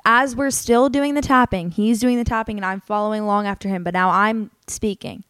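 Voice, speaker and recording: A woman's voice: medium pitch, normal speed, few pauses, fairly bright tone, smooth, no echo. A young adult woman hosting a podcast, telling a personal story in an earnest, candid, emotional way, with many "like" fillers. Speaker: podcast host.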